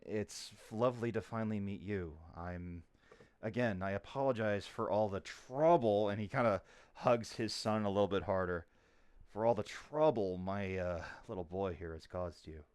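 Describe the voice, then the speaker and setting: A man playing a soft-spoken widowed father. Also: on the low side, clean tone, voice pushed down, close to an everyday voice. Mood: apologetic. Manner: soft-spoken, apologetic, halting. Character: gentle, weary widowed father, strapping man.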